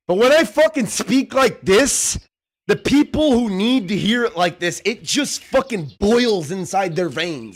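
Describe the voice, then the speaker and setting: A high-voiced young man at the gym, swearing freely as he preaches self-improvement. His delivery is intense and forceful, and it swings from fast, clipped jabs to drawn-out shouted lines. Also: very animated. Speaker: fitness livestreamer. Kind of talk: motivational rant.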